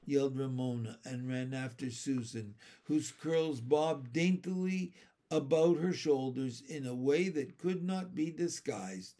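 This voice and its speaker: A man narrating a children's book aloud with steady, expressive storytelling. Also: mid-range voice, measured pace.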